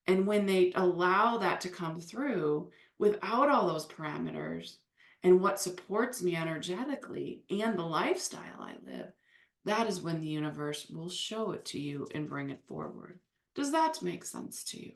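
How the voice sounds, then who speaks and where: A woman's voice: mid-range voice, sing-song, moderate pace. A woman giving channeled spiritual advice, explaining patiently and acting out imagined speakers.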